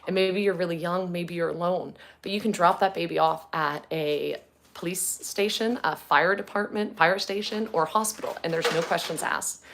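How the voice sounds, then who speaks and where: A woman's voice: on the low side, moderate pace, gravelly, a bit bright, slight background noise. A woman in her thirties, a podcast host, talking earnestly and casually at home with lots of fillers. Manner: chatty, earnest, many fillers. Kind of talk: casual talk to camera.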